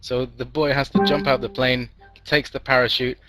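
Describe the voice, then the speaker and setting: A man's voice: mid-range voice, little pitch movement, normal speed, over music, poor audio. A man telling a long joke to friends, rambling with fillers and restarts.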